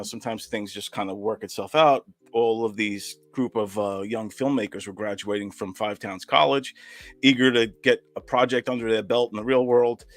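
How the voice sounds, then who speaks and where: A man's voice: fairly low pitch, a bit bright, dry recording. A man, a filmmaker and comedian, telling a rambling anecdotal story in casual chat over a video call.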